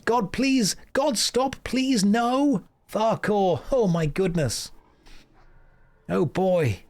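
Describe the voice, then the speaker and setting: A man putting on a chirpy, high adventurer voice. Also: drawn-out words, darkish tone, heavily acted. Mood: flustered. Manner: bouncy, high and gleeful. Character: chirpy cheerful young male adventurer.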